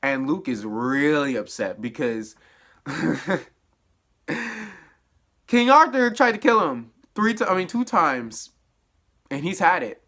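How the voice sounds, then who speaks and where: A man casually recapping a show episode in a spoiler review, animated and laughing, his voice dropping to low mutters and then jumping up in excited bursts. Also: slow, long pauses. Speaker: TV review vlogger.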